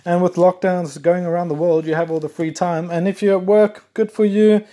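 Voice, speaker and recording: Chatty South African man, slightly high voice. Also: normal speed. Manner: rambling, chatty, self-correcting, excitable bursts. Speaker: podcast host. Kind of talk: casual solo podcast chat.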